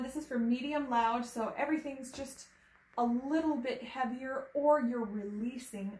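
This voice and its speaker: Woman, piano teacher, slightly high voice, patient instructive, echoey room. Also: a little mellow. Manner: patient, instructive, sings solfege and rhythm chants. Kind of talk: online music lesson. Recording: echoey room with faint ambient noise.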